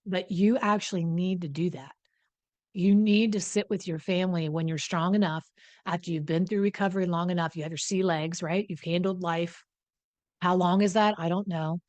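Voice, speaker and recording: Woman coach giving straight-talk advice, a bit low voiced, swears a lot, dry close sound. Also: a little mellow, no room sound. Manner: blunt, profane, emphatic. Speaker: host, addiction recovery coach. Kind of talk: direct-to-camera advice talk.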